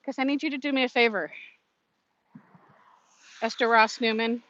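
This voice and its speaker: This vlogger, a woman in her fifties, chats casually on a live stream from her phone as she walks outside to her car, often laughing while she reads viewer comments. Her slightly high, fairly bright voice keeps a fairly even intonation at a moderate pace, recorded dry and sounding dull.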